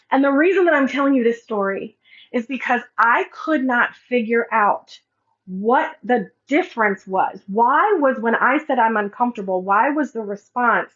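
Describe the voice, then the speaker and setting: A woman's voice: a little high, moderate pace, a bit bright. A woman podcast host and life coach telling a personal story in a casual monologue, acting out the quoted dialogue with animation. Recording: slightly muffled lo-fi audio.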